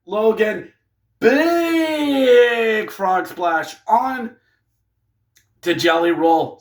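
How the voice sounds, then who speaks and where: A man with a fairly high voice talks through a wrestling event in a loose, casual monologue. He gets excitable and jokey, often acting out quick lines for the people he describes. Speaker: wrestling reviewer.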